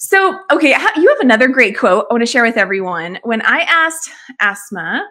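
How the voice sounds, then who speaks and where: A woman's voice: fairly high pitch, sing-song, brisk, pushed and bright. A woman hosting a casual live-stream interview, upbeat and encouraging, greeting viewers. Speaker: host of a live show.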